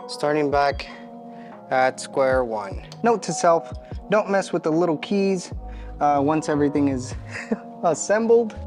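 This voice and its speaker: A man's voice: on the high side, expressive, a little slow, darkish tone, faint music behind. A man narrating a step-by-step repair in a casual, chatty way while he works, often poking fun at himself. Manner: chatty, self-deprecating, talks to himself mid-task. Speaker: home mechanic channel host.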